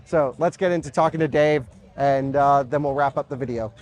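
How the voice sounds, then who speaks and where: A man's voice: mid-range voice, a little fast, a little mellow, dull audio. A man hosting a car review, presenting a concept car in a casual, enthusiastic walkaround at an outdoor car show. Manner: enthusiastic, talks with fillers and asides. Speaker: automotive reviewer and host.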